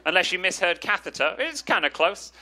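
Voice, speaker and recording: High bright-voiced English comedian. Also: male voice, sing-song. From England. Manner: quick, teasing and self-mocking. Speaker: stand-up comedian. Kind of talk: crowd work and freestyle rap. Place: comedy club stage. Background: music under the rap.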